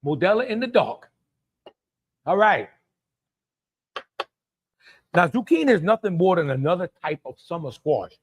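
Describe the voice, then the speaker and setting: A man's voice: high voice, sing-song, a little slow, pauses often, husky. A middle-aged man with a Cajun accent hosting a live cooking stream, talking in a folksy way and greeting viewers by name. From Louisiana. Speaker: cooking show host.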